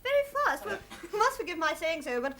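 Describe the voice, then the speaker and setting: A woman's voice: very high voice, sing-song, fast, bright, forceful tone, heavily acted. A woman playing a chirpy, giggly beauty show hostess interviewing a guest in a 1960s TV sketch. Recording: hissy old TV recording.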